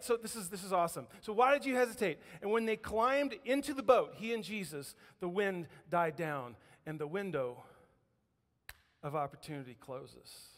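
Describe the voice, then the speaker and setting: High-voiced animated pastor in a reverberant church. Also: male voice, moderate pace. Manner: animated storytelling preaching, acting out quotes. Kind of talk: sermon. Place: church sanctuary.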